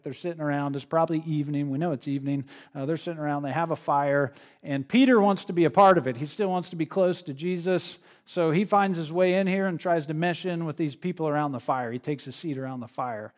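A male pastor preaching an expository sermon in a conversational way, often checking in with the listeners. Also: a little high. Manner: conversational, with frequent "right?" tag questions.

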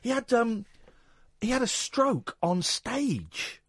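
Lively, animated male radio host. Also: extremely high pitch, slow pace, breathy edge, no room sound, studio quality. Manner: animated, jokey, teasing. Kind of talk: casual radio chat. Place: radio studio. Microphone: studio microphone.

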